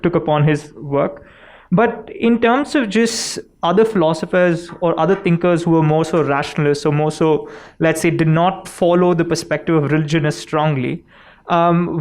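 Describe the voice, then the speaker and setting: A man from the audience putting a long question to the panel, his voice sitting a little high. He hesitates often, filling gaps with ums and uhs as he builds the question. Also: darkish tone. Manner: hesitant, many fillers.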